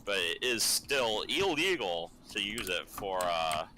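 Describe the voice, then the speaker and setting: A man with a very low voice and a strikingly sharp, tense tone. He chats casually and deliberately, often restarting and repeating his words. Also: sing-song, slight background noise, poor audio. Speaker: friend chatting on stream. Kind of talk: casual chat.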